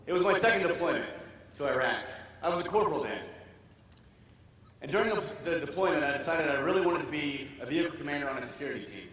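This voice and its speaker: A man with a slightly high voice tells his own war story on stage, animated and acting out what others said. He sounds distant from the mic, and the big hall rings with a long, echoey reverb. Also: fast. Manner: animated, acts out quoted dialogue. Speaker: military veteran telling his story.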